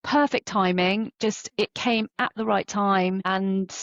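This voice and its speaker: Gravelly-voiced woman, heartfelt guest. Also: mid-range voice, steady tone, takes it slowly, no room sound, muffled recording. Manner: chatty, heartfelt, uses many fillers like "like" and "you know". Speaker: guest, teacher and choreographer. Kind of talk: casual interview chat.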